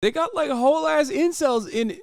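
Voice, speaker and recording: A man's voice: extremely high pitch, lively intonation, normal speed, gravelly, no room sound, clean studio sound. A man in his thirties streaming, reacting to a video with profane, sarcastic ranting. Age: 30s. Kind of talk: casual livestream commentary.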